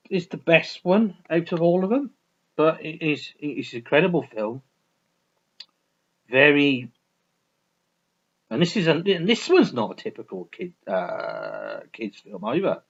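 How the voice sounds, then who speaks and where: A man talks through his favourite films in a loose, rambling way, restarting often and swearing now and then. His pitch moves a lot, rising and falling with his enthusiasm. The recording sounds dull and lo-fi. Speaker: film reviewer. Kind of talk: casual film review vlog.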